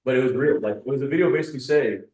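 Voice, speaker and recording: A man's voice: mid-range voice, a little mellow, reverberant, rough recording. A man co-hosting a casual live stream who reads out viewer questions, hesitant and full of fillers. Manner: quick, hesitant, with many fillers. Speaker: co-host reading viewer questions.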